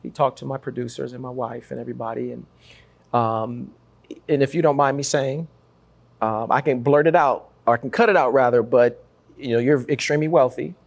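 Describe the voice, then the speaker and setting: A man from Africa hosting a talk show, energetic and joking as he teases his guests. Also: medium pitch, fairly quick, vocal fry. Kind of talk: lively talk show interview.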